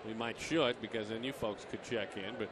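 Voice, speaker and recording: A man's voice: fairly low pitch, fairly even intonation, normal speed, crowd noise, background noise. A man calling a baseball game play by play, chatty and jokey, lifting his voice on big plays. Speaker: play-by-play announcer. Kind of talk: baseball TV commentary.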